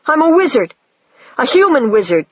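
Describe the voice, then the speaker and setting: A reader lifts the voice high for a young girl wizard in humpback whale form, earnest and quick to turn fierce. The voice sits well above the reader's own, in a dull, dry lo-fi recording. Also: very animated, dry recording. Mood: defiant. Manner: earnest, pleading, turning fierce.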